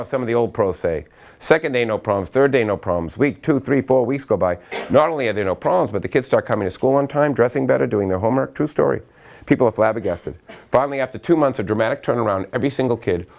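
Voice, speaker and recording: A man giving a motivational talk to school staff, telling anecdotes in a lively way and acting out the quotes. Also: medium pitch, fast talker, gravelly. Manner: animated anecdotal storytelling, acts out quotes. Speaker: speaker at a staff training.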